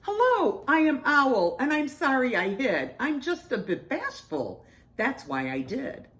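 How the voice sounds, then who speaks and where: A timid owl from a storybook, played by a woman with a high, gentle voice. He sounds bashful and talks slowly, with a lot of rise and fall. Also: big pitch swings, exaggerated voice. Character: shy, bashful male owl.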